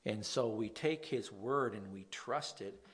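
A man preaching a sermon, reading scripture slowly and then explaining it in a plain conversational way. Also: lowish voice, fairly bright tone.

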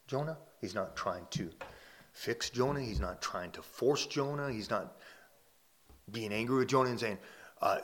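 A pastor delivers a conversational sermon in a mid-range voice at a moderate pace. He frequently restarts phrases and checks in with "right?", getting louder on key points and going soft and quiet on calmer lines.

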